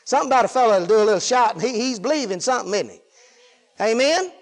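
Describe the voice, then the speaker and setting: High-voiced preacher in a reverberant hall. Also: male voice, animated, racing. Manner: folksy, swings from shouting to hushed asides. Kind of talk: sermon.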